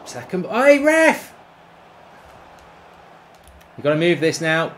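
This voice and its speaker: A man streaming a football video game, reacting loudly, swearing and cheering at the play. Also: on the high side, moderate pace. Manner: excitable, swears, shouts at the game. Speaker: gaming streamer. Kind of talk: live football game commentary.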